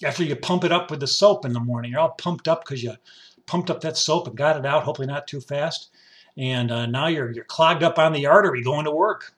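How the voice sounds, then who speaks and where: Male monologuist, wisecracking and rambling, voice a touch high. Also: a little fast. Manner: rambling, wisecracking, swings from loud to muttered asides. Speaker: commentator. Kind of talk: comedic monologue.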